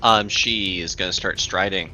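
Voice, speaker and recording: A man's voice: low voice, steady tone, normal speed, bright, forceful tone, soft background music, low-quality recording. A man playing a tabletop game over voice chat, talking hesitantly with stammered restarts. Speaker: player.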